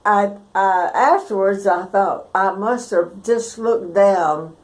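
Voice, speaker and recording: A woman's voice: medium pitch, slow pace, rough recording. A woman, telling a childhood story for an oral history recording in a folksy, chuckling way. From Texas.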